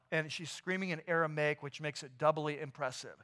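A pastor retelling a scripture story in a sermon, animated and casual with slang and fillers. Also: male voice, a little high, brisk, few pauses. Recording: long hall reverb.

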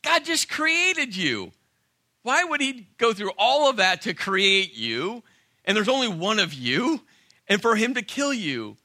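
A sly serpent , as a preacher puts him on, coaxes in a high, mocking, wheedling voice. He sounds bright and loud and is heard dry and close. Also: very animated, unhurried, no echo, exaggerated voice. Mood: coaxing. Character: sly sarcastic male serpent, coaxing tempter. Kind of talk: sermon retelling with acted voice.

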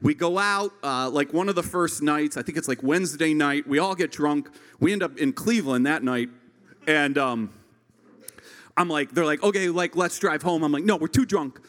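A man's voice: a little high, moderate pace, big-room sound. A man from rural Ohio, in his thirties, telling a stand-up story and acting out the voices of the people in it. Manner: animated, acts out voices in his stories. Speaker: stand-up comedian.

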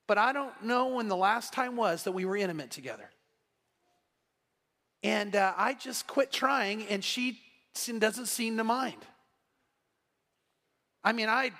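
A pastor in his sixties delivers a passionate sermon in a church sanctuary, where the hall reverb is long. His voice is high, bright and forceful, and he emphatically repeats phrases to drive points home.

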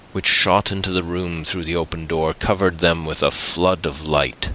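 A male audiobook narrator with a deep, low voice and a bright, forceful tone. He reads a classic novel slowly, in a measured, deliberate manner. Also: poor audio. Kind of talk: scripted narration.

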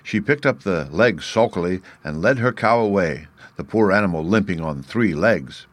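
A man narrating a classic storybook chapter in a measured, even way. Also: sits low, no room sound. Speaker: audiobook narrator.

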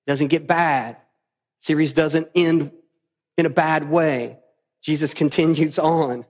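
A man's voice: a little high, steady tone, takes it slowly, in a large hall. A man preaching a sermon as pastor, emphatic and repeating phrases for stress.

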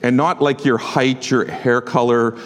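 A man preaching a sermon as a pastor, emphatic and exhorting his congregation with quick asides. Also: medium pitch, fairly even intonation, fairly bright tone. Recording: long hall reverb.

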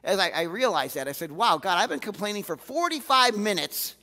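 A man preaching a sermon as a pastor, candid and animated, often acting out the voices he quotes. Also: sits high, brisk. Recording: reverberant hall.

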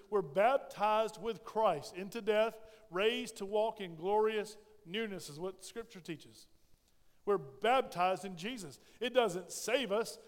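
A man's voice: high-pitched, big-room sound. A male pastor preaching a sermon in a folksy, storytelling way, often checking in with "right?". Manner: frequent "right?" check-ins.

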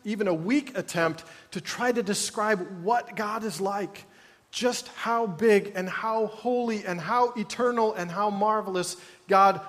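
A man's voice: high voice, fairly bright tone. A man preaching a sermon in a conversational way, with wry asides and mock groans. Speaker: pastor. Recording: long hall reverb.

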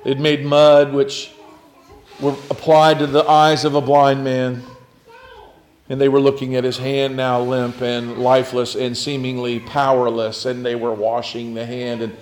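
A man preaching a sermon, retelling scripture in a reflective storytelling way, often dropping to a near hush. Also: medium pitch, slight background noise.

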